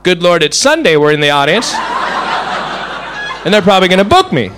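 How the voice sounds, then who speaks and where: A rather high-pitched man works through a rambling observational stand-up routine, mimicking sounds along the way. He was recorded live on stage, and a steady hiss of noise sits under his voice. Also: a little fast. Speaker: comedian. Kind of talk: stand-up set.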